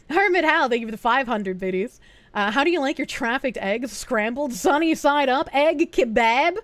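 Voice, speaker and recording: Swearing, excitable woman streamer. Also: high-pitched, normal speed, no room sound. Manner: swears a lot, excitable, reads chat messages aloud. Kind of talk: casual livestream chat, reading donation messages.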